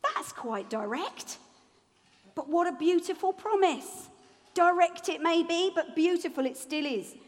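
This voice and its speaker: A woman preaching a sermon in a lively, humorous way, acting out the people she talks about. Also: high-pitched, big-room sound. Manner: lively, humorous, acts out voices.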